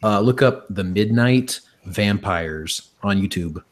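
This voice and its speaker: A man co-hosting a casual stream chat, excitable and swearing, often repeating words as he talks. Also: lowish voice, takes it slowly. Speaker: podcast co-host.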